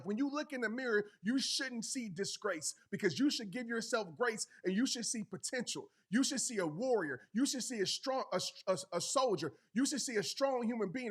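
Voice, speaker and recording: A man's voice: very high voice, fairly bright tone. A man giving a motivational speech, earnest and emphatic, repeating phrases for effect and urging the listener directly. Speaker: motivational speaker.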